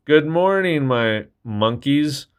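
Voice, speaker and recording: A man voicing a fussing, gentle mother ape in a storybook reading, with a coaxing, sing-song manner. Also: fairly low pitch, animated, a little slow.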